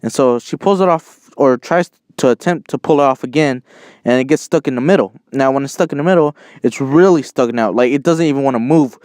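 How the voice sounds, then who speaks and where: Young man, casual storytelling vlog, smooth clear voice, dry close sound, self-mocking and jokey. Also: mid-range voice, brisk, no room sound. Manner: animated, jokey, self-mocking, cries out when quoting himself. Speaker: channel host.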